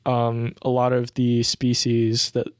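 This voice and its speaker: A young Australian man chatting on a podcast, rambling with lots of fillers and getting animated. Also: medium pitch, slow, clean tone, no echo. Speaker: podcast host. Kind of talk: casual chat.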